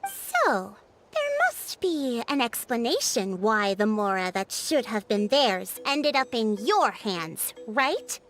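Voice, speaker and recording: A stern young investigator in a game, high voice that swings around a lot, game music under it. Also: female voice, big pitch swings, takes it slowly. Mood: probing. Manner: questioning, accusing. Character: sharp young female investigator, probing and stern. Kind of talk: game character dialogue.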